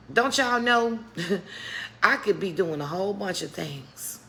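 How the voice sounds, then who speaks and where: A middle-aged woman gives a motivational faith talk straight to her viewers, preaching and calling them "baby". Her voice is bright and edgy with a gravelly fry at the ends of phrases, and a faint hum of room noise sits behind her. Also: fairly high pitch, moderate pace. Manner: preacherly, calls viewers "baby", greets chat by name. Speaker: live stream host.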